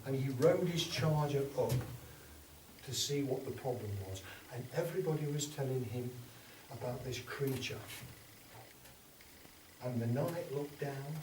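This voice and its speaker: An English man tells a folk tale at an unhurried pace, swinging from hushed whispers to bold rises. His voice is mid-pitched and carries from a distance across a reverberant room. Steady background noise sits under the telling. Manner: dramatic, dropping to whispers and rising for effect. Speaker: storyteller. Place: storytelling event. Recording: roomy sound from far off with background noise.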